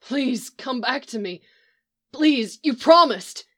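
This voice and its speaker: A woman's voice: sits high, animated, slow pace, fairly bright tone, pitched above the performer's own voice, heavily acted. A woman reading aloud, voicing an earnest young man who speaks in a pleading way. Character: earnest young man, frantic for his wife.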